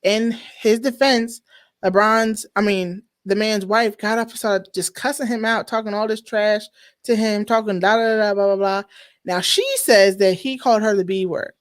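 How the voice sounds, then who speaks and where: A woman hosting a podcast, chatting casually with lively, emphatic slang. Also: medium pitch, normal speed. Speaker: podcast host. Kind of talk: casual chat.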